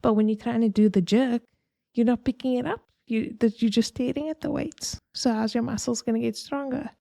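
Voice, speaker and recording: A woman's voice: fairly high pitch, fairly even intonation, a little fast, creaky, dark tone, no echo, studio quality. A woman hosting a podcast, explaining ideas in a chatty, digressive way with homely analogies. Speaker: podcast host. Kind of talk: casual explanatory talk.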